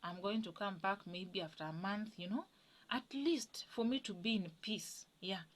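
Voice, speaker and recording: A woman telling a personal story in a casual, chatty way, acting out other people's lines in a higher voice. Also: normal speed. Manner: acts out others' lines in a raised pitch.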